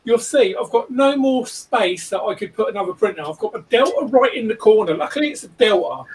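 A man's voice: high voice, animated, brisk, darkish tone. A man hosting a 3D printing channel, chatting in a rambling, self-deprecating way from his cramped home office. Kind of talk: casual chat. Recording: distant mic with faint room hiss.

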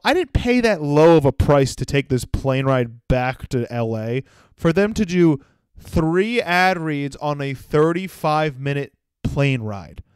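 A young man hosting a comedy podcast, ranting crudely and mocking people with quick impressions. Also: fairly high pitch, clear, resonant tone, dry recording, clean studio sound. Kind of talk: solo comedic rant.

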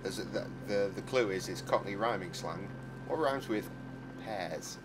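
A man's voice: fairly low pitch, expressive, measured pace, background noise. A man streaming a video game, bantering in a sweary, exasperated, wry way. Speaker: gaming streamer.

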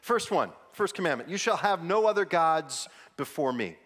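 A man preaches in an earnest, conversational way, stumbling over and repeating words as he prompts his congregation to answer back. His voice sits fairly high for a man. It is an everyday sermon from the pulpit. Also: lively intonation, moderate pace. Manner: soft, low prayer voice. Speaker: pastor.

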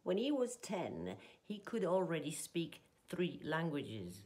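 A woman teaching an English lesson, reading example sentences and explaining grammar in a slow, deliberate way. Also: low voice, sing-song, darkish tone.

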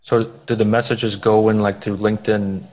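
A man's voice: on the low side, level tone, normal speed, darkish tone. A man moderating an online panel who politely breaks in with clarifying questions over a video call. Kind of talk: casual panel discussion.

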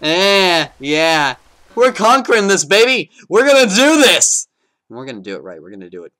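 Bright, animated gaming commentator man. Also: high-pitched, moderate pace. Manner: jokey, talks to the game, swings from loud bravado to muttering. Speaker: gaming video host. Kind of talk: let's-play commentary.

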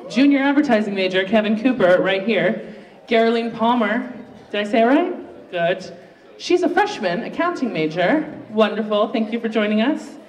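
A host running a live student pitch contest in a university library event room. The host is chatty and upbeat and pokes fun at their own slip-ups. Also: lively intonation, normal speed, recorded from a distance. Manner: upbeat, chatty, self-mocking. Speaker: game show host. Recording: roomy, echoey room recorded from afar.

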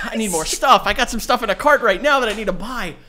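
A man's voice: very high voice, huge pitch swings, a little fast, background noise. A young man co-hosting a podcast, chatting casually, swearing, teasing and acting mock-outraged. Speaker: podcast co-host. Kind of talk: casual chat.

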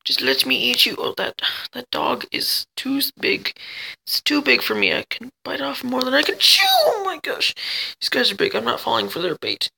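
A high-pitched male gamer with a heavily gravelly, fry-laden voice that swoops all over the place. He chatters excitedly at other players and yelps when things go wrong. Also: moderate pace, a little hiss or hum, poor audio. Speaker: gamer and channel host. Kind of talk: let's play commentary.

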